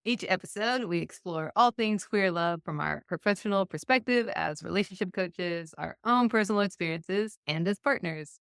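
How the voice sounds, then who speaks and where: A woman's voice: fairly low pitch, normal speed, few pauses, fairly bright tone, clear, resonant tone. A woman co-hosting a podcast as a relationship coach, trading dry, playful banter in casual chat.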